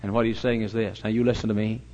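A man's voice: lowish voice, little pitch movement, quick pace. Fervent preacher man, muffled old recording. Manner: fervent, swings from loud pleading to hushed; old-fashioned revival preaching cadence. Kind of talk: sermon.

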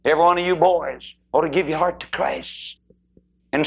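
A man preaching a sermon who moves emphatically between loud declarations and hushed asides. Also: on the high side, steady tone, moderate pace, vocal fry, breathy edge.

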